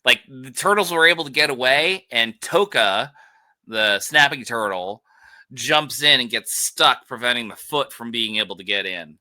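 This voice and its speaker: Bright-voiced man chiming in eagerly. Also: medium pitch, lively intonation. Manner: enthusiastic, laughs often, chimes in with quick commentary. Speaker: podcast co-host. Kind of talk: casual movie review chat.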